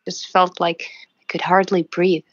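Woman telling her story, soft and halting, lots of restarts, dry and a bit dull lo-fi. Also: fairly low pitch, level tone, no echo. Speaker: interviewee. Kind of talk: personal account in a documentary interview.

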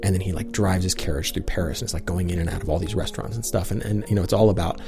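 A man's voice: low voice, racing, loud music behind the voice. A middle-aged man, a professor, animatedly telling a personal story, full of casual fillers. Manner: lively, many "like" and "you know" fillers. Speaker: professor, interviewee.

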